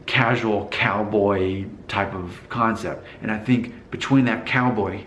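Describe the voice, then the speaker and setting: A man with an American accent and a lowish voice chats to his viewers in a relaxed, searching way, hunting for words with plenty of "uh" and "like". The room around him rings with echo, with a faint hum of ambience behind. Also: takes it slowly. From United States. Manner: thoughtful, hesitant, with many fillers and restarts. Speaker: vlogger. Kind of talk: casual talk to camera.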